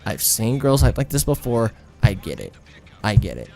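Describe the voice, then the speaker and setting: A man's voice: on the low side, sing-song, normal speed, vocal fry, mellow. A young man telling a personal story over gameplay in a rambling, profane, frank way. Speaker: gaming storyteller.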